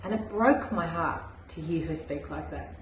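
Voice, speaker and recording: A woman's voice: low voice, moderate pace, echoey room, slight background noise, low-quality recording. A woman, a mindset coach, giving an earnest, encouraging motivational message.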